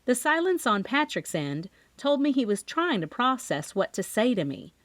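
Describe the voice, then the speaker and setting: A woman's voice: on the high side, moderate pace, dry recording. A woman narrating a cozy mystery audiobook in the first person, as a scripted reading. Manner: expressive first-person storytelling.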